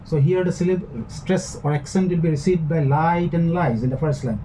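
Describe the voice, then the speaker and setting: A man's voice: a little high, normal speed, mellow, a little hiss or hum, rough recording. A man teaching a recorded lecture, explaining step by step with frequent fillers and restarts.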